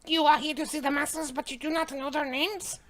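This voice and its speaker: A woman's voice: high voice, fairly even intonation, a little fast, close to an everyday voice. A woman voicing a small, very polite servant who talks stiffly about herself in the third person, in a tabletop role-play. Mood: formal. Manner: stiff, literal, refers to self by name.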